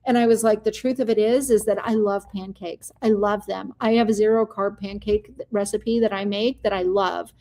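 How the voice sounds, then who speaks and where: A woman who founded a candy company, telling stories in a casual chat in an animated way with lots of fillers. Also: mid-range voice, moderate pace, few pauses.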